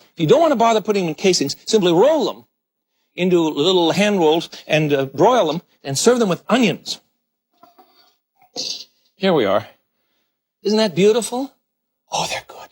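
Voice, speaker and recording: This middle-aged man hosts a TV cooking show from a galley-style kitchen, gushing and exclaiming over every dish he demonstrates. He speaks in a high voice with a breathy edge.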